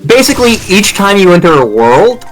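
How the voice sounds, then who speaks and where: A man's voice: high-pitched, big pitch swings, a little fast. A young man giving casual, rambling game commentary with jokes, co-hosting a stream. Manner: rambling, joking, laughs often.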